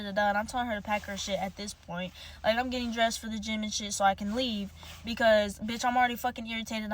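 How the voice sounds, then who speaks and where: A woman's voice: fairly high pitch, fairly bright tone. A young woman telling a storytime monologue, heated, profane and rambling.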